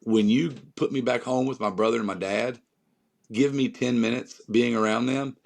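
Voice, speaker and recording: A man's voice: medium pitch, steady tone, normal speed, vocal fry, a little mellow. A man from North Carolina with a Southern accent, a musician guest chatting casually and emphatically, rambling with many fillers. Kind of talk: casual podcast chat.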